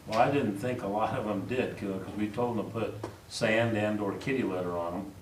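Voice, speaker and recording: A man's voice: on the low side, fairly even intonation, moderate pace. A man working as a city official, explaining things evenly in answer to questions at a meeting. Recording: roomy far-off mic with noise.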